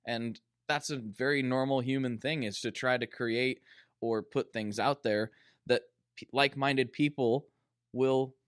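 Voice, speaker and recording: A man's voice: medium pitch, steady tone, measured pace, clear, resonant tone, no room sound, clean studio sound. A man co-hosting a casual podcast chat, teasing and spinning playful bits. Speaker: podcast co-host.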